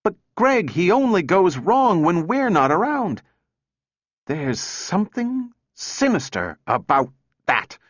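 A man voicing an excitable young male engineer who talks in an urgent, raised way for an audiobook. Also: high-pitched, slow, dry recording, lo-fi sound, voice pushed up, heavily acted. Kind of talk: audiobook character reading.

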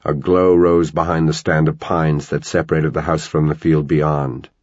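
A man with a very low, husky voice narrates a novel in a measured storytelling way. He is close-miked in a dry space, and the recording is slightly dull. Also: little pitch movement, a little mellow, no echo. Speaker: audiobook narrator. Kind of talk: scripted narration.

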